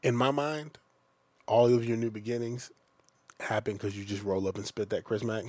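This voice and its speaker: A man co-hosting a podcast who tells stories in a joking, profane, animated way. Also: fairly low pitch, normal speed, dry recording. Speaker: podcast co-host. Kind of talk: casual chat. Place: studio.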